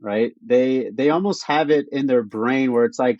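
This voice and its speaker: Podcast host with a dry, muffled sound. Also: male voice, medium pitch, a little slow, dry recording. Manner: relaxed, thoughtful, winding questions. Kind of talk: interview questions.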